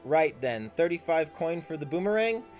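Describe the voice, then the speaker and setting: A man's voice: on the high side, big pitch swings, moderate pace, a little mellow, soft background music. A man running a tabletop game as dungeon master on a livestream, coaching his players in an instructive way.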